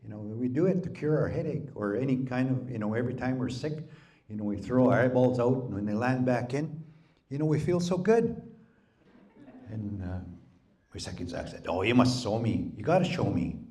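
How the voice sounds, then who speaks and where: A man telling folk tales aloud to an audience in a relaxed, folksy way, often saying "you know". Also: mid-range voice, moderate pace. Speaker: storyteller. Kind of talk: oral folk storytelling. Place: public library event.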